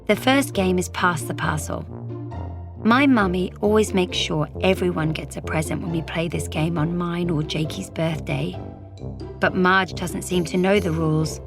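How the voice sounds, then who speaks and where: A woman reading a children's storybook aloud, gently and expressively in a child's voice of narration. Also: on the low side, moderate pace, vocal fry, music in the background.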